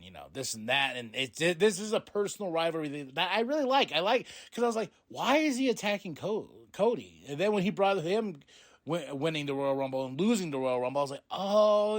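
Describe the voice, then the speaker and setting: A man hosting a podcast, recapping a wrestling show in a loose, excited way, swearing and paraphrasing what the wrestlers said. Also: a little high, dry recording, studio quality. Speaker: podcast host.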